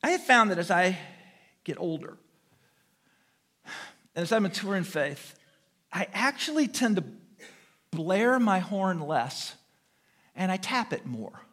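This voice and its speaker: A middle-aged American pastor preaches a sermon, telling animated, humorous stories and imitating horn beeps. His voice is high-pitched, and he speaks slowly with long pauses.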